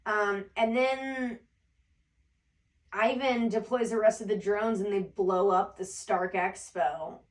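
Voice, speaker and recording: Young woman, casual podcast recap, mid pitch, slightly distant mic. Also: fairly even intonation, slow pace. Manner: chatty recap, laughing, rambling asides. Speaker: podcast co-host. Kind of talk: casual chat.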